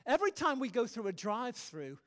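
British pastor preaching in a reverberant hall. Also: male voice, very high voice, very animated, brisk, a bit bright. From Britain. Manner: emphatic, humorous preaching with sudden punchy exclamations. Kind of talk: sermon.

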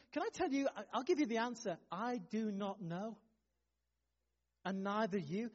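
A man preaching a sermon in a lively, conversational way, often asking his listeners rhetorical questions. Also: very high-pitched. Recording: slightly dull, lo-fi sound.

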